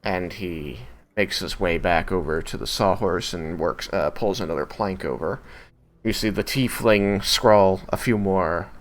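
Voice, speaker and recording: Slow, low-voiced man narrating a tabletop game. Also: a little hiss or hum. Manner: unhurried, hesitant with many fillers. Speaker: game master.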